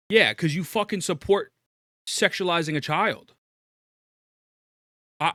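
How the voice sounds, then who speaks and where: Male streamer host, angry profane reaction rant, bright timbre, dry sound. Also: a little high, measured pace, long pauses, no echo. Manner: profane, ranting, rising to near-shouting. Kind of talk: heated reaction commentary.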